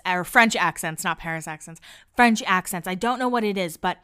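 Her voice is a little high, fairly quick, and fairly bright, with a clear, resonant tone. A young woman from the Boston area hosts a podcast and casually recaps an episode, chatty and laughing often as she acts out others' lines in little voices.

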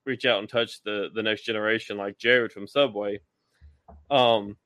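A man's voice: fairly low pitch, steady tone, moderate pace, a bit bright, no echo. A man co-hosting a casual podcast chat, talking in a sarcastic, mocking way. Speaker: podcast co-host.

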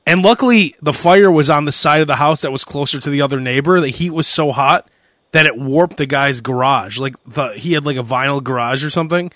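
A young man hosting a casual podcast, telling a story in a lively way and acting out the shouting of the people in it. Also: a little high, a little fast, dry recording, studio quality. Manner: animated storyteller who acts out shouted quotes. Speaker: podcast host.

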